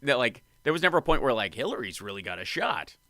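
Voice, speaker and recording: A man hosting a live stream, reacting to clips with wry, excitable commentary. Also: mid-range voice, quick pace. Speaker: host.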